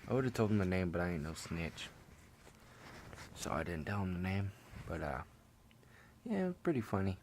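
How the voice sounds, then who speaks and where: Deep-voiced young man telling a story. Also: big pitch swings, moderate pace, pauses often, a little mellow, slight background noise. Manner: rambling, profane, laid-back with many fillers. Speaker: vlogger. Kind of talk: casual storytelling.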